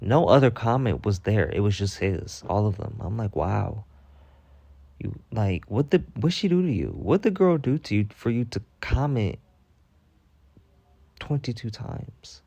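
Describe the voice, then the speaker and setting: Low-voiced man ranting a storytime. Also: measured pace, gravelly, no room sound. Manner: heated, profane, animated venting. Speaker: storytime vlogger.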